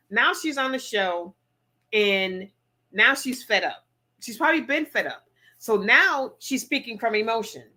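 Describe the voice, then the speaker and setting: A middle-aged woman talks in a casual sofa chat with a bright, forceful voice. She tells her story in an emphatic, animated way and sits a little higher in pitch than most women. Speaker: podcast co-host.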